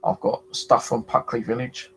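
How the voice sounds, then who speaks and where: A man's voice: medium pitch, lively intonation, moderate pace, vocal fry, a little hiss or hum, rough recording. A man with a rambling, casual way of telling his paranormal experiences, swearing freely and filling gaps with "you know". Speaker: paranormal investigator. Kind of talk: casual storytelling.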